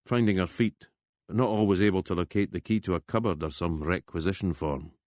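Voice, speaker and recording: A man's voice: low-pitched, brisk, darkish tone, no echo, studio quality, lightly acted. A man voicing a guarded, matter-of-fact retired male police superintendent in an audiobook.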